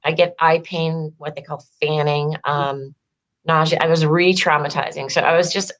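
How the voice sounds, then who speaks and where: A woman empowerment coach with a low, fairly bright voice tells her story in a casual interview at a moderate pace, her intonation fairly even. She's chatty, leans heavily on "like" as a filler, and acts out quoted dialogue.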